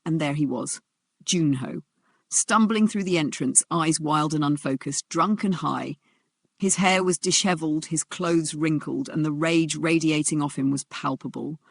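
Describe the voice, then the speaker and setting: A narrator reading a dramatic story in a steady storytelling voice. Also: mid-range voice, creaky, dry recording.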